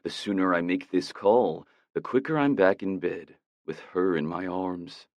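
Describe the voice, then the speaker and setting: Male audiobook narrator, deep voice, calm and tender reading, dry close sound. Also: unhurried, no room sound. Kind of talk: first-person romance narration.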